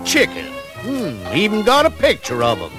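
A blustering barnyard rooster from a classic cartoon. His booming drawl sits high and leaps all over the place. He stammers and repeats himself while teasing with sly glee. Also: huge pitch swings, moderate pace, music in the background. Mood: sly boast. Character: blustering boastful adult male rooster.

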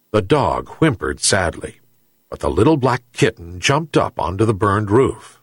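A man narrating a children's fable with an expressive, animated delivery and a lively melody. His voice is slightly husky, recorded close and dry. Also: on the low side, moderate pace, no echo. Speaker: storyteller. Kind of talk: storybook narration.

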